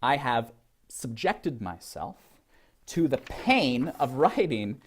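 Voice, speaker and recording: A man's voice: medium pitch, big pitch swings, slight background noise. A man giving a classroom lecture on poetry, questioning his students, with frequent ums and restarts. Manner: reads verse slowly with heavy stress. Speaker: literature lecturer.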